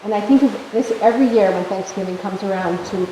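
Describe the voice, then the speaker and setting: A woman telling a story on stage at a live event in a measured, deliberate way. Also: mid-range voice, dark tone, heavy reverb, slight background noise, low-quality recording.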